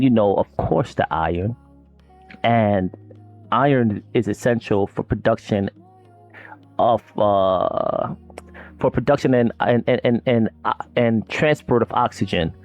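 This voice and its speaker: A man's voice: on the low side, a little mellow. Slangy rambling man with faint music. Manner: slangy, loose and rambling, addresses listeners directly. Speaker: podcast host. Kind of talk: casual herbal talk.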